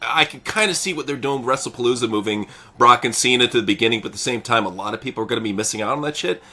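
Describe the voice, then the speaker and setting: A man's voice: medium pitch, very fast. A man co-hosting a live wrestling reaction, ranting casually and swearing often. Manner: animated, profane, ranting. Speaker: co-host.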